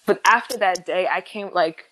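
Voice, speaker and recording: Young woman sharing her story, halting. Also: fairly low pitch, rough recording. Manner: halting, many fillers and restarts, animated when quoting others. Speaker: guest. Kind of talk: candid personal interview.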